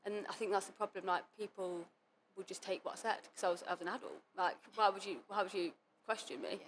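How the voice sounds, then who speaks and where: Speaking fast in a candid interview, this podcast guest, a young adult competitive cheerleader, strings together run-on sentences full of "like" and quotes of her own self-talk as she tells her story. Her voice is mid-range, and there's slight hiss or hum.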